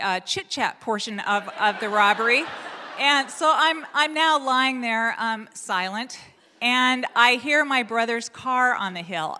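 A woman, from Portland, Oregon, tells a personal story in a fairly high, bright voice. She talks in an animated, self-deprecating way, full of fillers and restarts. Her voice rings with a long reverb, as in a hall.

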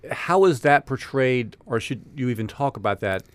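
A man's voice: mid-range voice, animated, moderate pace, clean tone, no room sound. A man hosting a radio interview, asking long conversational questions. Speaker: radio host.

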